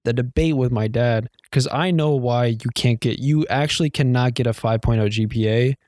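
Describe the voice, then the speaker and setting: A young man in his twenties talks in a rambling, profane way, often poking fun at himself. His voice sits at a middle pitch and sounds close and dry. He slips into high, shrill impressions of dramatic girls. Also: normal speed, darkish tone, dry recording. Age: young adult. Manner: rambling, profane, self-mocking. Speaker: podcast co-host. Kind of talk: casual chat.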